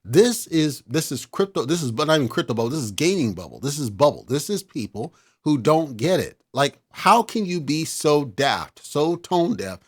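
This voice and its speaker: A man's voice: fairly high pitch, very animated, fairly quick, hardly any pauses, a little mellow, breathy edge. A man hosting a casual talk show, giving blunt, exasperated opinions in a lecturing rant.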